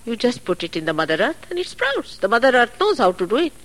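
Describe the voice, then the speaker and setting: Lively-voiced woman giving a spiritual talk. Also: a little high, fast, low-quality recording. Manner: earnest, chatty asides, soft laughs. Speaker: spiritual teacher. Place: public hall. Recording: archive recording.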